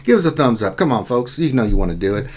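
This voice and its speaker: A man's voice: medium pitch, very animated, quick pace, a little mellow. A man hosting a casual livestream chat, joking around and reading viewer comments aloud. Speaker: livestream host.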